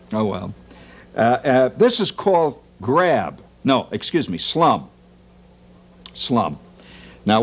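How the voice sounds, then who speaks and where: Male TV host, lowish voice with lively swings of pitch, wry comic monologue in a studio. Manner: jokey, wry, laughs at his own jokes. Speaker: talk show host.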